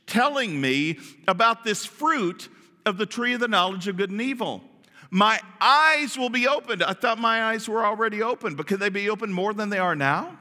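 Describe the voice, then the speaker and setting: A man teaching from the Bible in sermon style, animated and playful, asking his audience questions. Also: high-pitched. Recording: long hall reverb.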